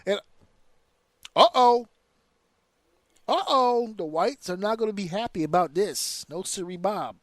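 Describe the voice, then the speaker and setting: A man's voice: high-pitched, normal speed, few pauses, a little mellow, dry recording. A man hosting a podcast, giving casual wrestling commentary as a heated, profane rant full of slang. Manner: slips into slang and mimicked voices. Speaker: podcast host.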